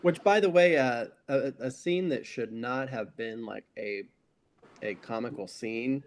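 Man, mid-range voice, casual film-talk co-host, halting delivery padded with fillers. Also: medium pitch. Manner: hesitant, full of fillers, laughs easily.

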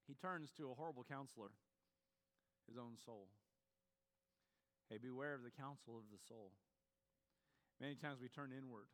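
A man's voice: medium pitch, normal speed, pauses often, fairly bright tone, in a large hall. A man preaching a sermon in a conversational way, with fillers and restarts. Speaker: pastor.

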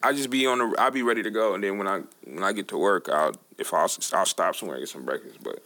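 A man's voice: sits low, fast. A man co-hosting a podcast, telling stories in casual, slangy, profane chat. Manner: animated storytelling, slangy and profane. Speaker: podcast co-host.

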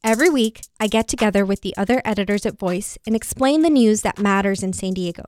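A woman reading a scripted promo for her podcast in an upbeat, smooth manner. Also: mid-range voice, fast, a little mellow, no echo, faint music behind.

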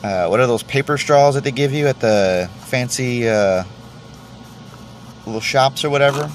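A man's voice: medium pitch, normal speed, faint music behind. A man hosting his own podcast, rambling casually and self-deprecatingly while tasting tea, cursing often and stumbling over restarts. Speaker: podcast host. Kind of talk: casual solo podcast rant.

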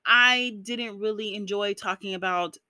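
A woman's voice: mid-range voice, unhurried, bright, forceful tone, smooth, dry recording. A woman talking to her viewers in an earnest, encouraging vlog, full of "you know" fillers. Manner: emotional, breaks into laughs while speaking. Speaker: vlogger.

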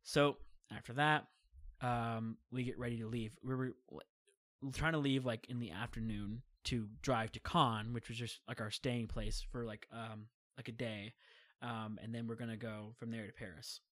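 There's no echo on this medium-pitched, moderately paced voice of a young man telling a drawn-out travel story as a guest. He rambles casually, fills gaps with lots of fillers, and acts out what people said.

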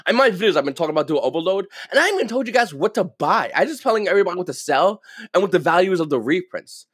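A man talks fast in a casual solo podcast monologue, his pitch bouncing all over as he rants. He stammers, repeats himself and drops the odd curse word. The sound is dry and close. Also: breathy edge, no echo. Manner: animated, ranting, stammers and repeats words, swears. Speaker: podcast host.

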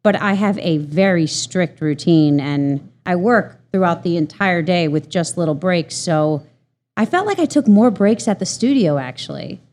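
This woman in her thirties works as an audiobook narrator and answers questions with an easygoing, chatty flow. Her voice sits a little lower than most women's. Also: expressive, normal speed, a little mellow. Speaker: audiobook narrator, interview guest. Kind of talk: casual interview answers.

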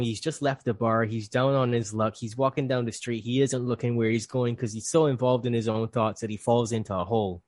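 A man who works as a mindfulness coach, speaking as a podcast guest and telling a story with animated delivery. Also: mid-range voice, no echo. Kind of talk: casual interview conversation.

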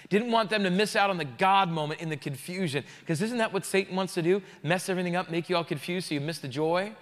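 A man, a pastor, preaching a sermon in a conversational, jokey, animated way. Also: sits high, long reverb tail.

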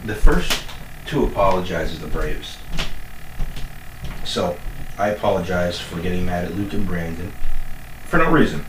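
Guy w a lowish voice doing a rambly joke-y podcast from his kitchen, lots of fake tough-guy bragging. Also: lively intonation, moderate pace, pauses often, background noise. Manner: joking bravado, rambling and self-correcting. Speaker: podcast host. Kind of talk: rambling comedic monologue. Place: home kitchen.

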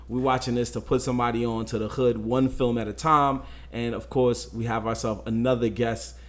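A man co-hosting a casual podcast about films, his talk loose and full of slang. His pitch sits in an ordinary middle register, and he speaks at an unhurried pace. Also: steady tone. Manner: laid-back, slangy. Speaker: podcast co-host. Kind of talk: casual chat.

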